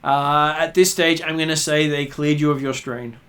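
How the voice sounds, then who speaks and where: A man's voice: fairly high pitch, fairly even intonation, normal speed, a bit bright. A man narrating as game master, hesitant, with many ums and uhs. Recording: roomy, distant mic.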